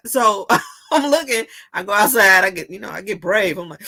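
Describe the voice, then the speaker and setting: A woman hosting a casual chat, telling stories in an animated way, laughing often and swearing casually. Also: medium pitch, normal speed. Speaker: show host.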